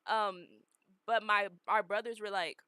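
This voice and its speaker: A young woman streaming and telling a story in a casual, animated, emphatic way. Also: medium pitch, a little slow, clear, resonant tone, no room sound. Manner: animated, emphatic, dramatic retelling.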